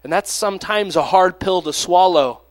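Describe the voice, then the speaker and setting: Guy preaching, reads the bible bits then explains, goes almost whispery sometimes, kinda high voice, dry close mic. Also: normal speed, no echo. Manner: reads scripture aloud and explains it, with sudden drops to near whispers. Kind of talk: sermon.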